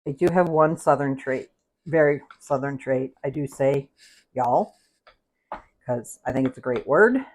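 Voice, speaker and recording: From her home kitchen, a chatty woman with a low, slightly mellow voice hosts a casual cooking livestream at a somewhat slow pace. She talks through the recipe with loose, rambling asides and laughs easily over slight background noise.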